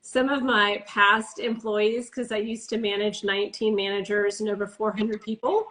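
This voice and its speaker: A woman from the American Midwest hosting a casual interview, candid and animated as she tells stories. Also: mid-range voice, normal speed, low-quality recording. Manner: candid, animated storyteller, laughs easily. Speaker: interview host.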